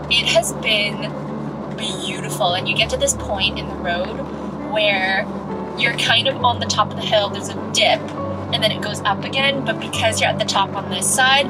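A woman's voice: mid-range voice, low-quality recording. Giddy, gushing woman vlogger, music behind. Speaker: travel vlogger. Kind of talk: casual vlog talk to camera. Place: in a car while driving.

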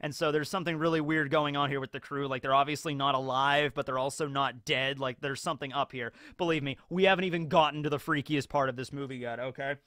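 A man's voice: medium pitch, steady tone, quick pace, few pauses, sharp tone, no room sound. A man hosting a video, recapping a movie in a rambling, casual way full of fillers. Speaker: video host.

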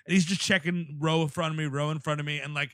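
A man's voice: a little high, fast, no room sound, clean studio sound. A man co-hosting a comedy podcast, telling stories casually and acting out the people in them. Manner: animated storyteller acting out scenes. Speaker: podcast co-host.

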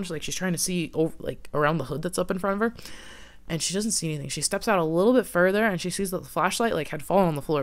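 A woman casually telling a scary campfire story in a chatty way, full of fillers. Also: fairly low pitch. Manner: chatty, filler-heavy, lots of "like".

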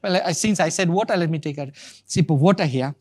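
A man's voice: fairly high pitch, brisk, a little mellow. A man preaching a sermon. He is emphatic and repeats key words for stress.

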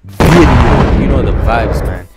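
A man's voice: medium pitch, a little slow, very noisy. Hyped young man vlogging. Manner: energetic, repetitive, slangy. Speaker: music reaction vlogger. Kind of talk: casual hyped-up vlog chat. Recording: faint music behind.

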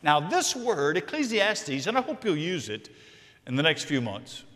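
A man preaching a sermon as senior pastor, emphatic, swinging from loud to hushed. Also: on the high side, huge pitch swings, normal speed, long reverb tail. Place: large church sanctuary.

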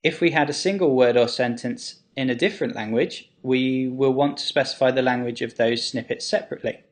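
Brief: male web developer at a mid-range pitch, calm and clear, walking viewers through a tutorial. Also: a little fast. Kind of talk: tutorial explanation.

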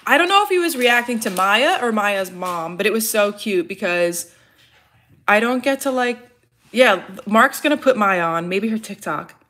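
A woman's voice: mid-range voice, expressive, normal speed, bright, forceful tone. A woman co-hosting a pet vlog, chatting casually to viewers with lots of "like" fillers. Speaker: pet channel co-host.

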